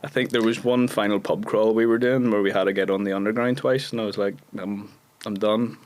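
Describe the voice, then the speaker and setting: Northern Irish man, somewhat low voice, chatty anecdotes, laughs often, podcast guest. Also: fairly even intonation, fast. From Northern Ireland. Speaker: guest actor. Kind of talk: casual podcast chat.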